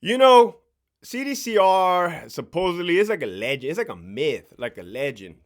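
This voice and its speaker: A man's voice: a little high, big pitch swings, moderate pace. A man, a former prison sergeant, ranting bluntly and profanely in a casual vlog, often repeating and restarting words.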